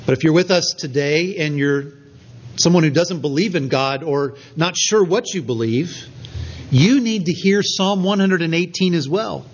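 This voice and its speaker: Male pastor, high voice, measured sermon delivery. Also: husky. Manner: earnest, measured preaching with scripture reading. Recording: dull lo-fi recording.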